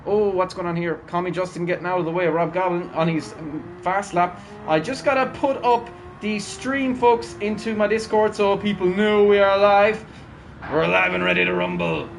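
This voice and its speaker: A man's voice: high voice, steady tone, moderate pace, a little hiss or hum. Upbeat man calling a race. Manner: upbeat, chatty, talks to chat. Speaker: streamer and race commentator. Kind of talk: live race commentary.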